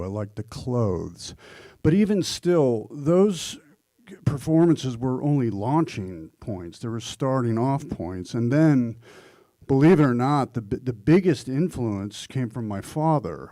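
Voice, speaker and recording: A man and actor answering questions at a live Q&A, telling animated stories and slipping into voices and quotes. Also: medium pitch, dry recording. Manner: animated storyteller who slips into voices and quotes. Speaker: actor and guest. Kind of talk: live Q&A discussion.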